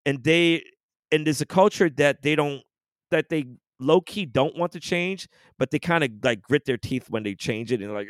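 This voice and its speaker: A man's voice: on the high side, normal speed, no room sound, studio quality. A man co-hosting a podcast, ranting in casual, profane sports chat. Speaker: podcast co-host.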